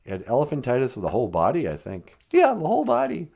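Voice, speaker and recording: Male comic host, animated jokey storytelling, middling pitch with big swings. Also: quick pace, gravelly. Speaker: comedian host. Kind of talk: comic live-stream storytelling.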